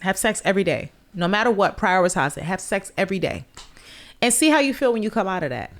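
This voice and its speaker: A woman's voice: mid-range voice, animated, quick pace. A woman on a podcast explaining relationships frankly and crudely, like a coach, in casual chat.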